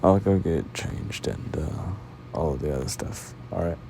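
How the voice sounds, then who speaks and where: Yawning man in whispered role-play, gravelly. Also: low-pitched, measured pace, a little hiss or hum, poor audio. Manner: yawning constantly, sleepy and doting; soft-spoken, affectionate, drifting into whispers. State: tired, yawning. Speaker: ASMR boyfriend role-play creator.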